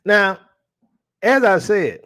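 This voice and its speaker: A man's voice: high-pitched, expressive, slow pace, bright, forceful tone. A man preaching to his livestream audience in a casual, slangy way. He keeps asking the listeners rhetorical questions. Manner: slangy, calls the audience y'all.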